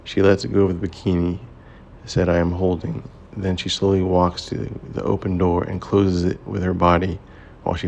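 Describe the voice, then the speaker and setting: Low gravelly male narrator. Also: darkish tone, slight background noise. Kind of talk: scripted audiobook narration.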